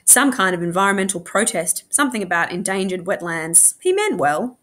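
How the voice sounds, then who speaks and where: Woman voicing a grown man, calm, soothing, measured, storybook reading. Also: mid-range voice. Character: calm, reasonable adult brother.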